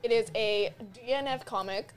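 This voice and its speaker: A woman's voice: fairly high pitch, moderate pace, clear, resonant tone. A woman on a casual podcast describing a comic she likes, giggling between phrases. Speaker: podcast co-host.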